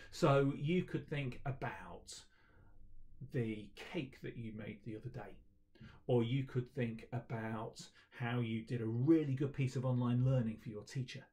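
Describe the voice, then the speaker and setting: Gentle man reading a children's story. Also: medium pitch. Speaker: teacher leading an online school assembly.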